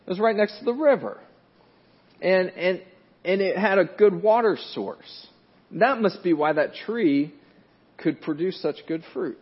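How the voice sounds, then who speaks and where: Husky-voiced man telling a sermon story. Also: lively intonation, moderate pace. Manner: conversational, many fillers and restarts; rises loud and high in dramatic moments. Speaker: preacher. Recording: dull lo-fi recording.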